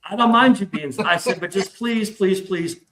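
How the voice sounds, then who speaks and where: A man's voice: sits high, moderate pace, a crowd in the background. A man hosting a podcast who tells a story in a casual, profane way and acts out the voices in his quotes. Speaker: podcast host. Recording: roomy echo.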